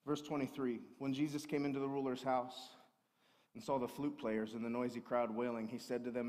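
A male pastor preaching a sermon, swinging between forceful raised passages and quiet storytelling. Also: mid-range voice, level tone, a little fast. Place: church sanctuary. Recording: long hall reverb.

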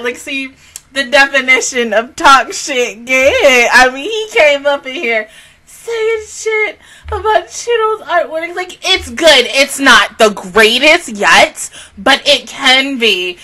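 A young woman rants through a casual reaction video in a bright, slightly high voice. She swears freely, jumps between loud outbursts and low mutters, and mimics other people in quick put-on voices. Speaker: YouTuber reacting to anime.

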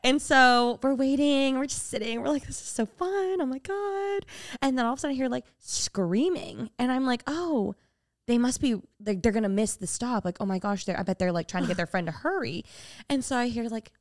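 In clean studio audio with no room sound, a young woman co-hosting a podcast talks briskly, narrating a story in relaxed conversation and acting out quotes with dramatic pitch jumps.

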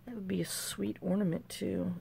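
A woman's voice: medium pitch, sing-song, normal speed, gravelly, warm tone, a little hiss or hum. A middle-aged woman, casually showing off handmade craft mail and exclaiming over each piece as she talks to herself. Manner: chatty, talks to herself while handling items, exclaims often. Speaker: craft channel host.

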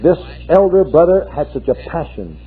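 Male preacher, fervent and husky, heard through a thin, phone-like old recording. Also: fairly high pitch, big pitch swings, normal speed. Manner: fervent, punctuated with hallelujahs. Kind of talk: sermon. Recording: tinny lo-fi archive sermon tape.

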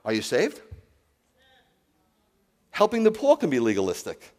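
Animated preaching rabbi in a hall. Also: male voice, mid-range voice, moderate pace, pauses often. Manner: animated, swinging from loud exclamations to quiet asides. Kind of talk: sermon.

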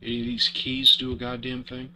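Casual, animated gameplay streamer man. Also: mid-range voice, a little fast, gravelly. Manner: casual, muttering, swears freely. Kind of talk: live gameplay commentary.

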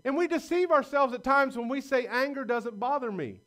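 A man's voice: very high-pitched, animated, normal speed, fairly bright tone. A man preaching a sermon as pastor in a church, in a folksy style with stories and laughs. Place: church sanctuary.

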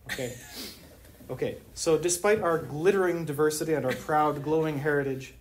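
A lecturer delivers an academic talk, teasing the audience with rhetorical questions. The pitch sits in the middle, and a soft hiss runs underneath, as in a university lecture room. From Pittsburgh, USA. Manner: wry, humorous, rhetorical questions. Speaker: anthropology lecturer.

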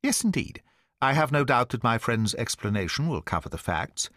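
Man voicing a sly nervous naturalist, polite and probing, lively pitch swings, dry sound. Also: normal speed, no echo. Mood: wary. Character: nervous, sly male naturalist, feigning concern. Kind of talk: audiobook dialogue reading.

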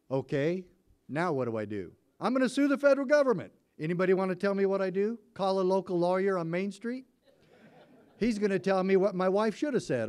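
A man at a medium pitch tells a personal story to an audience in a plain, folksy way. He slips into quoted back-and-forth dialogue and his voice rises with excitement at the dramatic turns. His delivery stays conversational, with fillers throughout. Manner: animated, acts out quoted dialogue with rising excitement. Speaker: former sheriff giving a talk.

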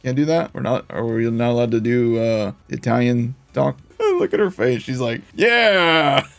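A man giving casual, jokey commentary over his own gameplay, laughing often and getting excitable. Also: medium pitch, normal speed, creaky, faint music behind. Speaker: gaming streamer.

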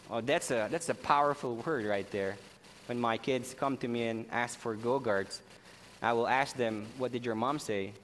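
A man preaching a sermon as pastor, slow and emphatic, stressing key words. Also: mid-range voice, a bit bright, a little hiss or hum. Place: church sanctuary. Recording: church hall reverb, faint ambience.

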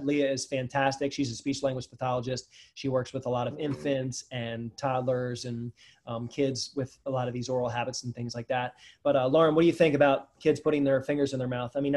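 Guy dentist running a webinar q&a, chatty and pumped, talks right at viewers. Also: medium pitch. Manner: energetic, rambling, speaks straight to viewers. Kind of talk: casual webinar Q&A.

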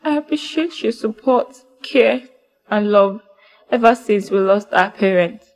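An actress as a grateful Nigerian sister. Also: female voice, medium pitch, unhurried, a little mellow, lightly acted, low-quality recording.

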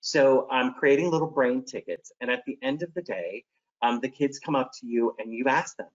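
A man's voice: mid-range voice, animated, brisk, dull audio. A man who is a teacher presents classroom strategies in a friendly, practical way and demonstrates examples by acting them out.

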